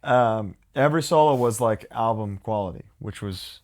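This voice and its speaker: A man's voice: fairly low pitch, normal speed, darkish tone. A man co-hosting a podcast, keen and chatty, who asks short follow-up questions. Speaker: podcast co-host. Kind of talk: casual chat.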